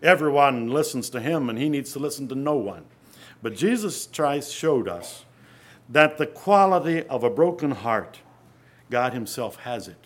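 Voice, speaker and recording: Earnest male preacher, hushed to emphatic. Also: mid-range voice, animated, moderate pace. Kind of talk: sermon.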